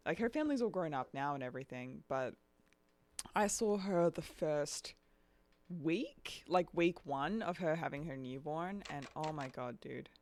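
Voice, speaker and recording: A woman's voice: low voice, no room sound. A young woman streaming a game and chatting casually, laughing often and dropping lots of "like" and "dude". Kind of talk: casual chat while gaming.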